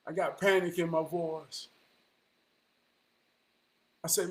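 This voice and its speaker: A man, telling a personal story in an animated, vernacular way. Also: on the high side, slow, long pauses. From Charlotte, North Carolina. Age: 40s. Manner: animated, vernacular, quotes people in dialogue.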